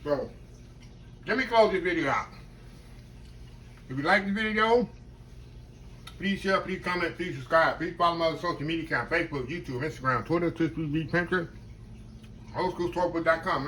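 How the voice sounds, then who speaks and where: A man hosting a casual home cooking vlog, talking warmly to his viewers and calling them "y'all". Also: fairly high pitch, brisk, pauses often, a little hiss or hum. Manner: chatty, often addresses viewers as "y'all". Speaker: cooking channel host. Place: home kitchen. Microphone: camera on tripod.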